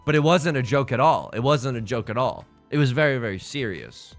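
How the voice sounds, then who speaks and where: A man live-streams a game with casual, jokey chat and gameplay commentary, rambling, repeating his own phrases, and greeting viewers by name mid-sentence. His voice is mid-range, animated and fairly quick, over soft background music.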